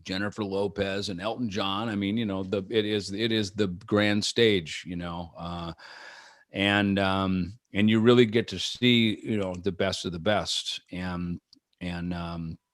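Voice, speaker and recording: Rambling man with a low voice. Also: fairly even intonation, unhurried, no room sound, clean studio sound. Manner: rambling, many fillers and restarts, acts out quotes. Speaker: rock musician guest. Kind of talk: casual interview chat.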